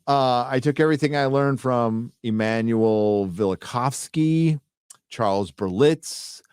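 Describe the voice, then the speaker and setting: A man's voice: medium pitch, darkish tone, smooth, dry recording, clean studio sound. A man hosting a casual livestream, rambling loosely and swearing as he reads out viewer donations. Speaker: livestream host.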